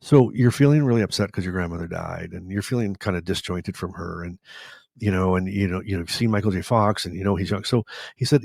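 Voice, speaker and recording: A man from Canada with a lowish voice tells his story on a live stream. He rambles, corrects himself and laughs often. The sound is dry and close. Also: quick pace, creaky, darkish tone, no echo. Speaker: host.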